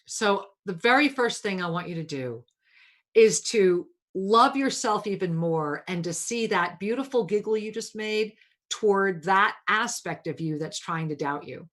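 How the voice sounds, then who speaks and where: A woman's voice: mid-range voice, animated, unhurried, a bit bright. A woman hosting a spiritual talk radio show, coaching a caller in a soothing, affectionate way and calling her pet names.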